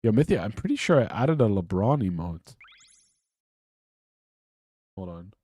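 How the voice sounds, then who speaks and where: Slow-talking young man streamer, stuffy nose. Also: fairly low pitch, very animated, dark tone, breathy edge. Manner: rambling, swears a lot, restarts sentences. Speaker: game streamer. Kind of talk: casual live-stream chat.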